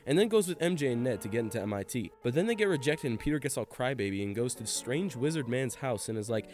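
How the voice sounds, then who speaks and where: A young man narrating a sarcastic, crude plot recap in a deadpan, irreverent way. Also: mid-range voice, fast, hardly any pauses, soft background music. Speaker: comedy narrator.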